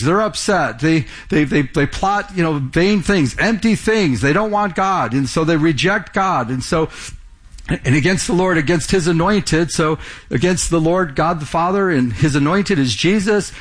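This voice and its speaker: Man preaching a casual sermon. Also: high-pitched. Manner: conversational, repeats words and restarts, asks the congregation questions. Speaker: pastor. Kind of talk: verse-by-verse sermon.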